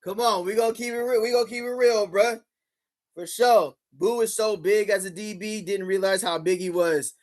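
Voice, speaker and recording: A man with a fairly high voice hosts a casual livestream. He talks loose and slangy, full of hype, and keeps turning to his chat. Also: steady tone, normal speed. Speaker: livestream host. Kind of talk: casual livestream reaction commentary.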